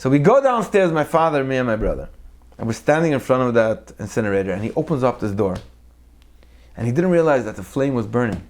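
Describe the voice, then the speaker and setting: Male teacher, mid-pitched, lively storytelling sermon; acts out characters. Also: fast. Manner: animated storyteller who acts out the people in his tales. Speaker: Torah teacher. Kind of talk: weekly Torah talk with storytelling.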